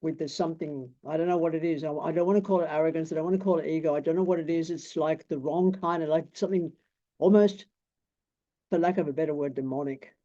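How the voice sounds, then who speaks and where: An Australian man in his 60s teaches tarot casually, bluntly and ramblingly, swearing freely. His voice is on the high side, steady, quick and warm. The recording is dull and lo-fi.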